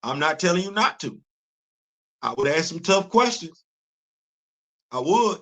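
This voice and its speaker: A man hosting a casual live-stream commentary, animated and rhetorical, laughing often as he talks. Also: a little high, a little slow. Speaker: host.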